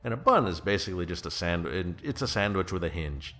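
A man's voice: low-pitched, lively intonation, a little fast, fairly bright tone. A man in his thirties chatting casually on a podcast, rambling and self-deprecating with a joking manner. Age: 30s. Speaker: podcast co-host. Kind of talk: casual chat.

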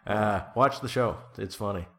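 In casual conversation as an interview guest, a middle-aged man speaks at normal speed in a voice on the low side. He rambles, pokes fun at himself, and leans heavily on fillers and restarts.

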